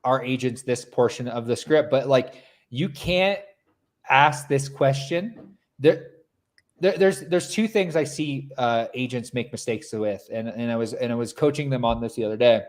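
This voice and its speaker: A man's voice: mid-range voice, normal speed. A man co-hosting a casual podcast chat, talking loosely with lots of fillers.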